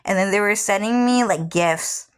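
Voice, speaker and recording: A woman's voice: mid-range voice, normal speed, clear, resonant tone. A woman in her thirties telling a personal story in a casual, rambling way, often repeating herself and swearing. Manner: rambling, repeats "what happened is", swears freely. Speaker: vlogger.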